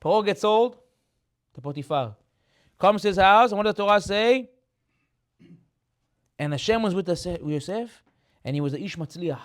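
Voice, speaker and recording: A man giving an animated sermon as a rabbi. He repeats phrases, mixes in Hebrew terms, and builds to loud emphatic peaks. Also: high-pitched, moderate pace, pauses often.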